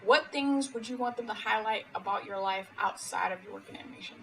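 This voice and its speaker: A woman hosting a podcast interview, telling stories in an animated, lively way with laughter. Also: medium pitch, brisk, gravelly, poor audio. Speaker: podcast host. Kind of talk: casual interview chat.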